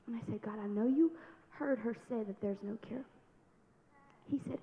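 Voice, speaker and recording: A woman's voice: on the high side, moderate pace. Young woman testifying in an echoey church. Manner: earnest storytelling, breaks into laughs, rises to loud exhortation. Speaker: youth speaker giving testimony. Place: large church sanctuary. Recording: echoey hall, dull sound, faint noise.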